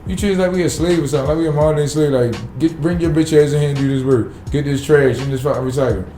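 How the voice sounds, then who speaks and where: A man's voice: fairly high pitch, fast, mellow, echoey room, faint music behind. A man, a city sanitation worker talking bluntly and profanely in a casual podcast interview.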